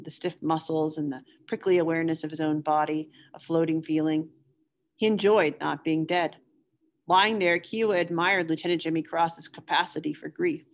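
A woman teacher reading a novel aloud to students in a measured, steady way. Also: on the low side. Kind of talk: read-aloud novel narration.

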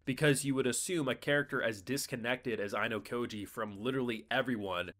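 A man hosting a casual anime review, animated and acting out characters' lines as he talks. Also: medium pitch, fairly quick. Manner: animated, acts out quotes. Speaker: streamer and reviewer.

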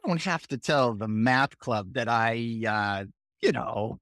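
Male podcast co-host, slow-paced, expressive swings, comic exasperation. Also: medium pitch, dry recording. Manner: animated, exasperated, playful. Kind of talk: scripted comedy banter.

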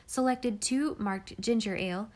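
A woman reading a classic children's novel aloud in clear, measured storytelling. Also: fairly high pitch, a little mellow. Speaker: audiobook reader.

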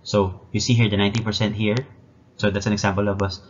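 A man's voice: lowish voice, flat delivery, fast talker. A man with a Filipino accent teaching a recorded lesson, explaining step by step and mixing Tagalog into his English. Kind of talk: recorded classroom lecture. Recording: dull lo-fi recording with faint noise.

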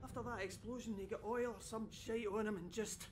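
A man's voice: high-pitched, fairly even intonation, brisk, natural voice. Game role: a man as a terse Scottish rig worker, urgent and sweary, over noisy game sound. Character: tense male oil rig worker giving warnings. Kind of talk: video game voice acting.

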